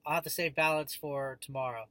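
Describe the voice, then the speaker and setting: A man in his thirties hosting a casual vlog from his parked car, telling a story with an animated delivery and frequent fillers. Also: fairly high pitch, fairly quick, no echo, poor audio. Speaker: vlog host.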